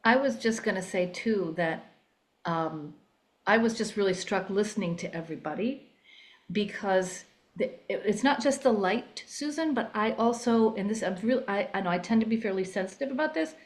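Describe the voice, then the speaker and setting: Woman workshop participant, earnest, halting, mid pitch, self-interrupting. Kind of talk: reflective group discussion.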